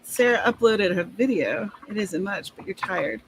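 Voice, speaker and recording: A woman's voice: mid-range voice, moderate pace, gravelly, a little hiss or hum. A woman hosting a casual livestream for writers, chatting, reading out updates and laughing often. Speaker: host, author. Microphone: video call.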